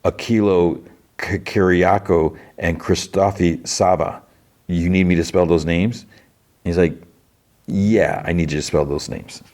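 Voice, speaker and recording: Low-voiced man recapping scenes quickly. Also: steady tone, a little mellow. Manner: retells scenes in quick quoted bits, with filler words and restarts. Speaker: podcast host. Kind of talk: casual episode recap.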